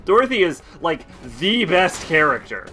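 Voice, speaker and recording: A man's voice: high-pitched, sing-song, moderate pace, sharp tone, faint music behind. A man streaming a video game, chatting casually and telling rambling, profane stories. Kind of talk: casual chat while playing.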